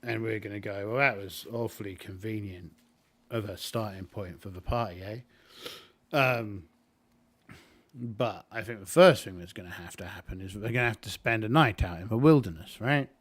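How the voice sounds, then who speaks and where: A man's voice: on the low side, moderate pace. A man playing a tabletop game alone, thinking aloud in a rambling way full of fillers. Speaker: solo tabletop game player. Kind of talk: casual solo game narration.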